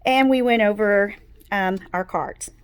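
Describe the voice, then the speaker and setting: A woman teacher running an online class and reading a story aloud, gentle and explanatory. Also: medium pitch, a little slow, smooth.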